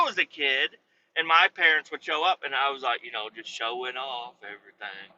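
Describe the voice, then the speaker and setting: Bright-voiced man telling a profane story. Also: medium pitch, moderate pace. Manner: profane, animated, quotes others in his own voice. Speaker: podcast host. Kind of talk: casual storytelling monologue. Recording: slightly dull, faint road noise.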